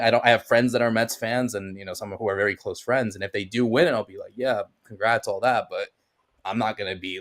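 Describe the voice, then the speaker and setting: A young man, a stream guest, chatting casually in a rambling way, full of restarts and filler words. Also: fairly low pitch. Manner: rambling, heavy use of "like" and restarts. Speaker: podcast guest. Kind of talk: casual chat.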